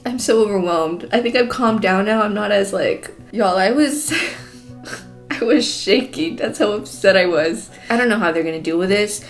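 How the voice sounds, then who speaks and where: A young adult woman giving animated live reactions in a book-reading vlog, exclaiming, laughing and sighing often. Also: medium pitch, measured pace, faint music behind. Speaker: book vlogger.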